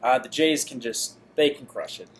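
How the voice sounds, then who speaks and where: A man's voice: mid-range voice, moderate pace, slight background noise. A man telling a story for a vlog at a baseball stadium, chatty and adding details and corrections as he goes. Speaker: vlogger. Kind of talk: casual travel vlog chat.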